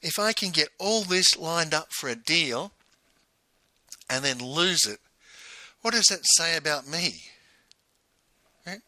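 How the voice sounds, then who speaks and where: Man, candid storyteller, forceful sharp tone, dry close sound, frank and indignant. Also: on the high side, no room sound, poor audio. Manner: frank, emotional, talks in bursts of indignation. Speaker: former salesman telling his story.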